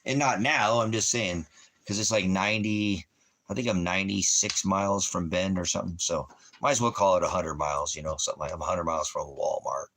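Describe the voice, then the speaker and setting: Guy with a real low voice just rambling on his vlog, lots of ums, says stuff twice. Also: fairly quick, fairly bright tone. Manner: loose, filler-heavy, repeats himself. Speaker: vlogger. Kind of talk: casual rambling chat.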